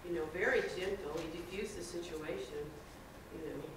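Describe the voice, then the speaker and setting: A man in a church class offering a casual, soft-spoken comment with "you know" fillers. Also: high-pitched, moderate pace. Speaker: class member. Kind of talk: comment from the audience. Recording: distant, echoey, loud noise.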